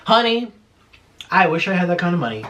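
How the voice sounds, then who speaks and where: A young man in casual chat as a mukbang vlogger at home, talking while he eats, chatty and animated, swearing when he gets heated. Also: sits high, brisk.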